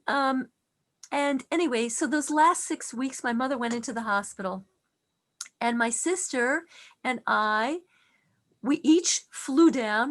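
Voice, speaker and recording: A middle-aged woman teaching a class, telling a personal story in an earnest, expressive way with frequent restarts. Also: fairly high pitch.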